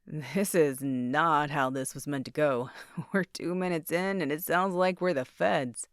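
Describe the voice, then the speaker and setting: A woman's voice: low voice, measured pace, smooth, no room sound, studio quality, voice pushed down. A woman voicing a polite, composed former military man with an apologetic manner.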